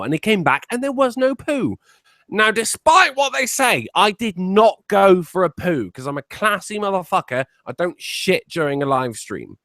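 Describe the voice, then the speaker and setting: A man's voice: high-pitched, lively intonation, normal speed, pushed and bright, no room sound, studio quality. A drunk man, a guest on a casual stream, teasing and swearing with frequent laughs.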